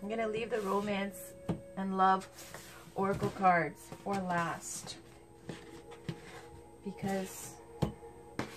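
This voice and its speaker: A woman giving a casual tarot reading, talking in a chatty, unhurried way and thinking aloud as she goes. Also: mid-range voice, fairly even intonation. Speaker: tarot reader. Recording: music playing underneath.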